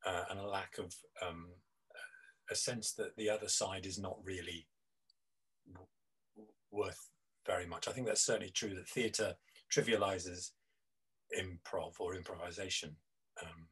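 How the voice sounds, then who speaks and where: A man's voice: sits low, steady tone, measured pace, long pauses, a bit bright, husky, poor audio. A middle-aged man, a guest on an interview, talking reflectively with many restarts and fillers. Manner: rambling, with frequent restarts and fillers. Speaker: guest, improv teacher.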